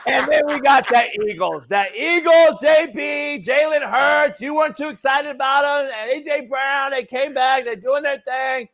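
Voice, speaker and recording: A man doing a shouty, high-pitched sports-talk hothead. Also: unhurried, creaky, exaggerated voice. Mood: hyped. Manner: shouty, hyped, repeats the co-host's name. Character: loud male sports-talk co-host giving hot takes. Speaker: host.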